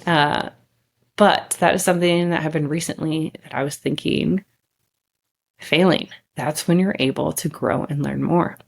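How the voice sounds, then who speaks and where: Low-voiced candid woman host. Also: fairly even intonation, unhurried, gravelly, slightly rough. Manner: candid, chatty, swears casually. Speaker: podcast host. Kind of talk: casual storytelling monologue.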